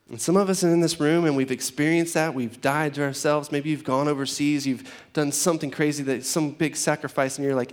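A man preaching a sermon in a relaxed, conversational way, often acting out characters in everyday voices. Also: medium pitch, a little fast. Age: adult parent. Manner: conversational, acts out biblical characters in casual voices. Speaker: pastor.

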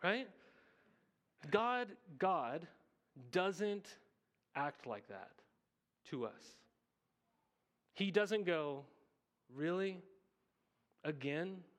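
A man's voice: sits high, sing-song, drawn-out words, long pauses, fairly bright tone. A man in his thirties preaching a sermon as a pastor, talking in a conversational way, repeating phrases and checking in with "okay?" and "right?".

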